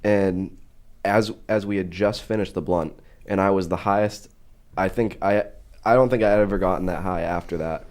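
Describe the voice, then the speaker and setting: Deep-voiced young man telling a story. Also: normal speed. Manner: relaxed, rambling with fillers. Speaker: podcast guest. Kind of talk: casual storytelling.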